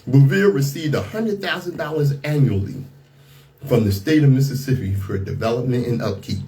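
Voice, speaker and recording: A man's voice: mid-range voice, moderate pace, mellow. Outspoken male radio talk host. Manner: outspoken, indignant, restarts and repeats words. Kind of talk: radio commentary on news.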